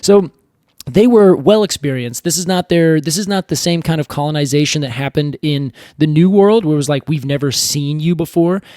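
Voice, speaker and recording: A man with a fairly high voice co-hosts a podcast, spinning a history tale in a casual, animated way. He slips into quick acted-out voices for the people in his story. The recording is dry and close, with no room sound. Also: no room sound. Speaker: podcast co-host. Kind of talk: casual educational chat.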